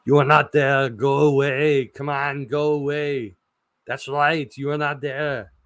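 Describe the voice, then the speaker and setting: A man's voice: mid-range voice, little pitch movement, slow pace, fairly bright tone, no echo, studio quality, voice pushed up. A man doing a clipped action-hero impression. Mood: commanding. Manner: clipped, commanding, repetitive orders. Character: impression of a gruff male action-movie star.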